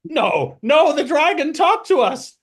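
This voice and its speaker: A man voicing a crowd of small, excitable kobolds, shouting in a squeaky high voice. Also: slow, full character voice. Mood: arguing. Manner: frantic, high-pitched shouting.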